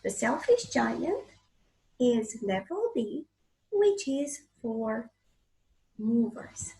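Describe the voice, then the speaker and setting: A woman with a Romanian accent, an English teacher, reading a storybook aloud to children in a slow, clear way. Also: on the high side, sing-song, dark tone. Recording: echoey room.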